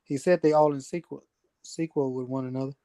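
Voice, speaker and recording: A man's voice: mid-range voice, steady tone, fairly quick, warm tone, no room sound. Agreeable man in casual boxing chat. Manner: agreeable, casual, fillers like "you know what I'm saying". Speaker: panelist on a boxing talk stream.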